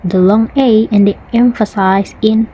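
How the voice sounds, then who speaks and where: Slow, mellow-voiced young woman presenting. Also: mid-range voice, steady tone, breathy edge, poor audio. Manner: halting, with frequent pauses and fillers; repeats example words to contrast them. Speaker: student presenter. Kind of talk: class presentation.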